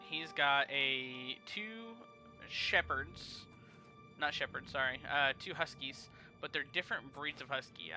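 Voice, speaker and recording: A man's voice: medium pitch, pushed and bright. A young man casually commenting on a game during a live stream, laid-back and slangy, rambling between actions. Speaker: let's play streamer. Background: game music.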